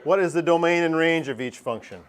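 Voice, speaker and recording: A man's voice: on the high side, a little fast, clean tone. A man teaching a math lesson to a classroom, explaining casually and joking with students. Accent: Canadian.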